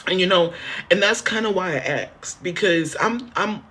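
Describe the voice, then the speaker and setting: Here the man sounds high-pitched, bright and forceful, slightly rough, at a normal pace. In a casual phone livestream from a motel room, he talks straight to his viewers, half joking, rambling and repetitive, swearing freely while he asks for their help.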